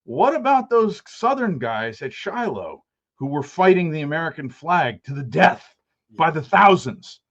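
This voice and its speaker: A man's voice: on the high side, very animated, a little slow, muffled recording. A man co-hosting a podcast in casual discussion, rambling and repeating himself as he restarts his sentences. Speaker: podcast co-host.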